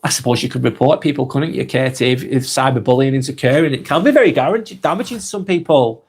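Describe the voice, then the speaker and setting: An English man with a medium-pitched, breathy-edged voice hosts a live stream, speaking fast as he reads viewers' comments aloud. He answers bluntly, brushes off trolls, and fills his speech with ums and repeated words.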